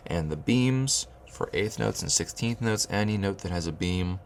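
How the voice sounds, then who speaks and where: A man's voice: low-pitched, lively intonation, moderate pace, gravelly, slight background noise. A man teaching rhythmic solfege, explaining note beams and chanting counting syllables, often restarting his phrases. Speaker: music teacher.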